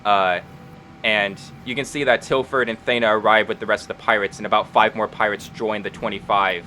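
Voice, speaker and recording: A man's voice: lowish voice, steady tone, brisk, pushed and bright, slight background noise. A young man narrating as game master for a tabletop game, casual and full of fillers.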